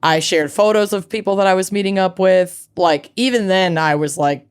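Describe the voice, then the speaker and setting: A woman's voice: medium pitch, moderate pace, smooth. A woman in her thirties co-hosting a casual podcast chat, frank and swearing freely. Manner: frank and profane. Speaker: podcast co-host.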